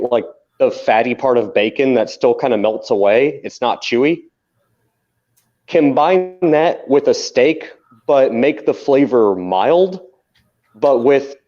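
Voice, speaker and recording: A man with a warm, medium-pitched voice co-hosts a casual podcast chat, speaking emphatically and insistently with plenty of swearing. The recording has a dull lo-fi sound.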